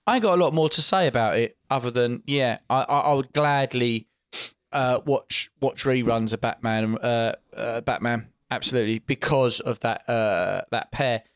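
A man co-hosting a podcast in casual chat, rambling and halting with many restarts. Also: mid-range voice, clear, resonant tone, no room sound, clean studio sound. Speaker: podcast co-host.

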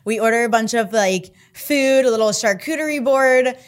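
A woman co-hosting a podcast, chatting playfully with jokes and quick interjections. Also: a little high. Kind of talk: casual chat.

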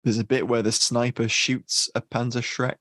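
A man co-hosting a film podcast, weighing up a film in a measured, thoughtful way. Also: mid-range voice, level tone, fairly bright tone, no echo, clean studio sound. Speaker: podcast co-host. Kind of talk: casual film review chat.

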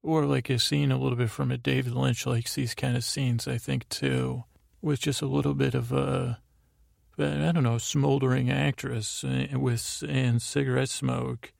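A man's voice: mid-range voice, flat delivery, unhurried, creaky, no room sound, studio quality. A man hosting a bedtime podcast, rambling through a meandering recap full of fillers and digressions. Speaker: podcast host.

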